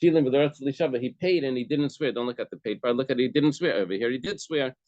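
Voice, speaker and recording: A man's voice: mid-range voice, quick pace, darkish tone, dry recording. A man teaching a Talmud class, explaining each case step by step and repeating key phrases. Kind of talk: daf yomi class explanation. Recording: dull, dry lo-fi recording.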